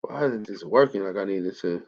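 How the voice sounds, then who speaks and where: A man's voice: sits low, animated, fairly quick, a little mellow. Loose-talking man, muffled stream audio. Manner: loose, profane, repetitive. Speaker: host. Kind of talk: casual live-stream chat.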